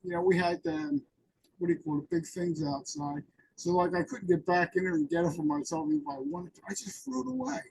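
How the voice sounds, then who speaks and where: A man's voice: on the high side, a little fast, a little mellow, slight background noise, low-quality recording. A man in an interview, telling rambling personal recovery stories and acting out the dialogue. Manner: rambling anecdotal storyteller, acts out dialogue. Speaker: interview guest.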